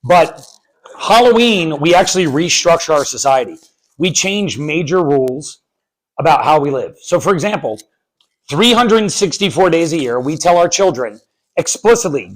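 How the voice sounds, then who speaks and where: A man in his thirties from the United States telling a personal story on stage at a story slam, wry and animated. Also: a little high, moderate pace, poor audio. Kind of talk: live story slam performance. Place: on stage before an audience.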